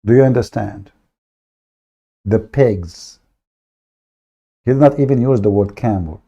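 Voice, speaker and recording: A livestream host with a lowish, dark, creaky and husky voice rants combatively at a measured pace, aggressive, mocking and insulting. The recording has its highs cut off.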